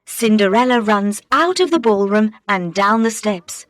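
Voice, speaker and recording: Slow, careful woman storyteller. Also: mid-range voice, lively intonation, dry recording, studio quality. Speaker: narrator. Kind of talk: slow storybook reading for English learners.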